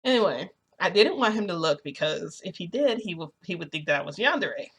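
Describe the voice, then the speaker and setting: A woman's voice: lowish voice, lively intonation, a little fast, husky. A young woman telling a personal story to her viewers in a casual, rambling way, full of fillers. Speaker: vlogger.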